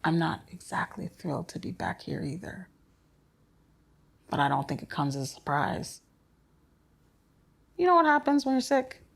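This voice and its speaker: A woman playing an older, sick father who is gruff, crude and wry, telling blunt, profane stories in a stage play. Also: deep voice, full character voice. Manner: blunt, sardonic, profane storytelling.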